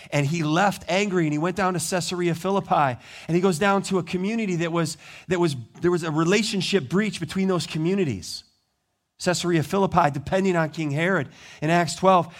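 A male pastor preaching a sermon, telling the story with lively, animated delivery and acting out the people in it. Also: sits high.

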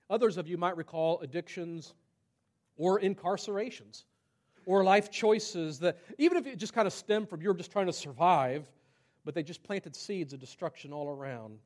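A man preaching a sermon as pastor, in a conversational way that rises to emphatic peaks and drops to hushed asides. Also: high voice, moderate pace.

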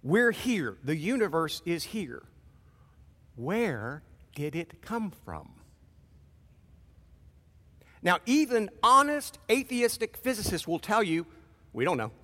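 A man preaching a sermon in a conversational, animated way, acting out short quoted exchanges. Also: high-pitched, slow pace, long reverb tail. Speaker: pastor.

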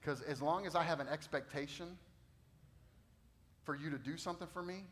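A man preaching a sermon, repeating phrases and swinging from loud bursts to hushed tones. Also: fairly high pitch, moderate pace. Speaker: pastor.

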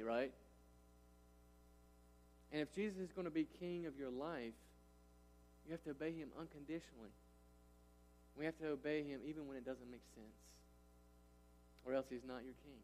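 This man in his thirties, a pastor, preaches emphatically at normal speed with a fairly high pitch. The recording has long hall reverb, and he checks in with listeners by repeating "right?" and "listen."

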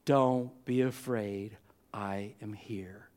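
A man voicing a calm, reassuring divine male figure, speaking softly, almost in a whisper. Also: high voice, a little slow. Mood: gentle reassurance. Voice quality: hushed, near-whispered.

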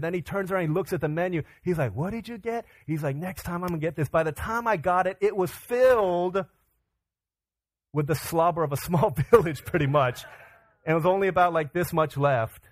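Man, pastor, animated sermon storytelling, fairly high voice, dry sound. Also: no echo. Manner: animated storyteller, acts out quotes.

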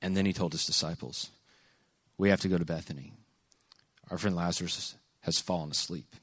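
A man's voice: deep voice, steady tone, brisk, fairly bright tone, slightly rough, dry recording, clean studio sound. A man giving a casual, conversational sermon, telling stories animatedly and acting out quoted lines. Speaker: preacher. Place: venue with a live audience.

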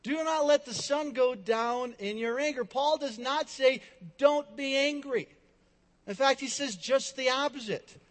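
Male pastor, high-pitched, dynamic preaching style, long hall reverb. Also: moderate pace, few pauses. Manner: dynamic preaching, swinging between loud emphasis and soft hushed lines. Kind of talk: sermon.

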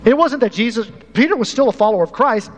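A man preaching a lively sermon to his congregation as pastor, animated and talking straight to the people in the pews. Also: very high voice, fast. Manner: animated, uses props, talks to the congregation. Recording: hall reverb, faint room noise.

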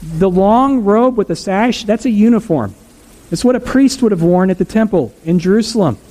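A man's voice: high voice, animated, moderate pace, warm tone, poor audio. A man preaching a sermon as a pastor, talking conversationally and asking the congregation questions.

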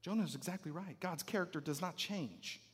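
High-voiced preacher in an echoing hall. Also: male voice, moderate pace, slightly rough. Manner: emphatic and repetitive, dropping to a hush for emphasis. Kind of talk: sermon. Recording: long hall reverb.

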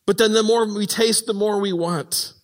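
A man with a high voice preaches a sermon in a church, and his words ring out with a long hall reverb. He talks in an animated way and acts out the voices of the people he quotes. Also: moderate pace. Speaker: pastor.

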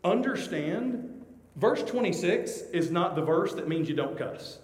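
A man pastor preaching a conversational sermon, animated and acting out the voices of the people he quotes. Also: sits high, unhurried. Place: church sanctuary. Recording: echoey hall with long reverb.

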